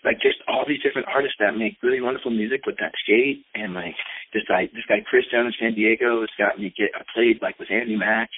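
A man in his late fifties telling a story in a casual, animated way, full of fillers. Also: lowish voice, fast, no room sound. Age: 50s. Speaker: skateboarder and rapper. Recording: tinny phone-like radio sound.

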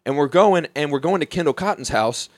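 Young guy from alabama swearing up a storm, voice jumping all over, kinda high, dry sound. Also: fairly quick, dry recording. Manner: profane, animated, laughing often. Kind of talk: casual storytelling.

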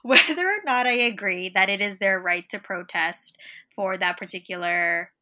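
A woman's voice: medium pitch, normal speed, a crowd in the background. A young woman co-hosting a podcast from home over a remote call, chatting casually with sarcastic humor and frequent laughter. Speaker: podcast co-host. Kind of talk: casual chat.

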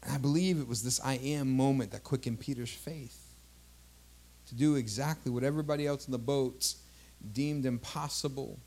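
A man's voice: mid-range voice, fairly even intonation, moderate pace, a little mellow. A man in his thirties, a pastor preaching a sermon emphatically, calling out to the congregation and drawing out key words.

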